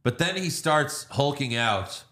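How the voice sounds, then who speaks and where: A man's voice: medium pitch, very animated, a little slow, fairly bright tone. A man hosting a casual movie review podcast, retelling scenes and acting out lines with plenty of swearing. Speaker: podcast host.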